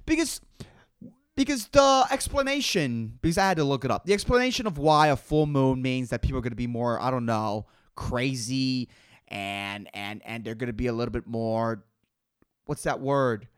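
A man's voice: medium pitch, lively intonation, moderate pace, smooth, no room sound, studio quality. A young man hosting a solo podcast, ranting in a profane, sarcastic, exasperated way. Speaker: podcast host. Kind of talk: solo comedic rant.

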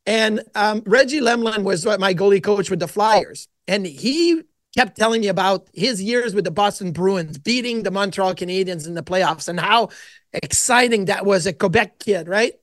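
A middle-aged man, a podcast guest, telling stories in an animated way and acting out his own quotes. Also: high voice, normal speed, no room sound. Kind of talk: casual storytelling interview.

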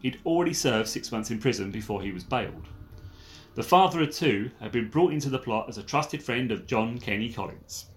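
A man's voice: medium pitch, lively intonation, a little fast, faint music behind. Male podcast co-host, wry and jokey, reading out facts. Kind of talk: casual true-crime chat.

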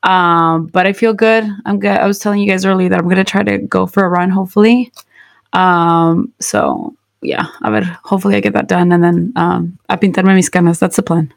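A woman co-hosting a casual chat over a video call, a little hoarse after losing her voice, mixing Spanish into English. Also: on the low side, animated, fairly quick. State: hoarse, recovering from lost voice. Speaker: podcast co-host.

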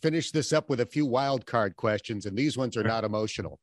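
Male radio interviewer, mid pitch, dry close sound, friendly and direct. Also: a little fast, dry recording. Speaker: radio host.

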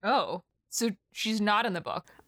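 A woman co-hosting a podcast in casual chat, curious and quick to ask questions. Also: mid-range voice, big pitch swings, fairly bright tone, no echo, studio quality. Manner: curious, asks questions, laughs easily. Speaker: podcast co-host.

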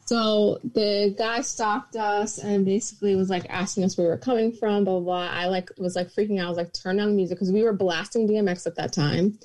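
A woman's voice: medium pitch, fairly even intonation, fairly quick, few pauses, a little mellow. A young woman in casual podcast chat, telling a story in a loose, rambling way full of "like" and "um".

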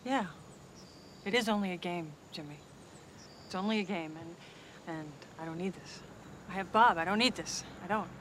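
A woman's voice: fairly low pitch, moderate pace, pauses often, fairly bright tone, a little hiss or hum, close to an everyday voice. An actress playing a defensive, torn young woman star catcher in a film drama scene, clipped in her replies.

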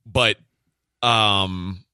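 A man hosting a sports radio show, telling a story in casual chat, animated and acting out the quotes with frequent laughs. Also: on the low side, very slow, clear, resonant tone, no echo, studio quality. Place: radio studio.

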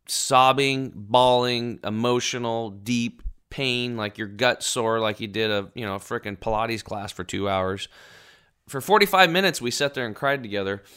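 A man's voice: medium pitch, pushed and bright, clear, resonant tone. A middle-aged man casually telling an emotional personal story, rambling and acting out the people he quotes.

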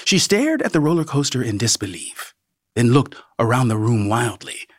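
A male narrator reading a story in a scripted, expressive delivery, his pitch rising and falling in lively swings. He slows on key phrases and sometimes sinks to a near whisper. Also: no echo, studio quality.

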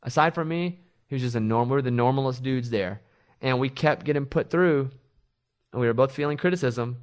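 A middle-aged man hosting a radio show, telling stories in a loose, animated way. He slips into other people's voices when he quotes them, in a middle-range pitch. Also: a little fast. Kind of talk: casual chat.

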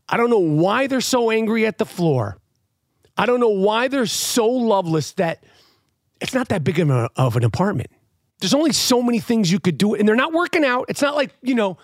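Middle-aged New man, high-pitched and very animated, profane comic rant. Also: no room sound, studio quality. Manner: animated, loud, profane, swings between shouting and muttering. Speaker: comedian ranting to camera.

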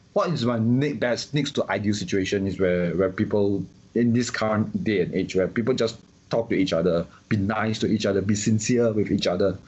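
Husky low man, halting and repetitive. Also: darkish tone. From Singapore. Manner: repeats words often, many restarts and fillers. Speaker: interviewee. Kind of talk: casual opinion talk. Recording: dull lo-fi sound.

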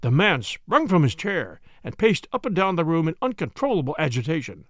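A man giving measured, expressive scripted narration of a story. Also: a little high, no room sound, clean studio sound. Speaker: audiobook narrator.

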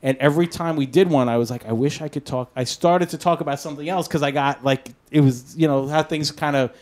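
A man recounts a long story in a relaxed interview chat. He talks in an animated, loose way, swears without a second thought and acts out the lines of the people he mentions. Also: fairly high pitch, quick pace. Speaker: podcast network founder being interviewed.

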